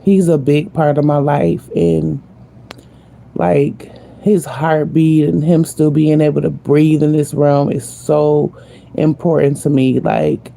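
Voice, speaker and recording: Woman, vlogger, casual heartfelt talk, gravelly, mellow and dark, slangy. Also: sits low. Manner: emphatic, repeats phrases, addresses viewers directly; slangy and spiritual.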